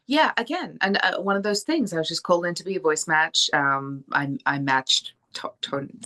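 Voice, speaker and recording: An Australian woman voice actor chatting in an interview, animated and laughing, slipping into playful voices. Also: sits low, normal speed. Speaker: voice actor and singer guest. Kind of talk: casual interview chat.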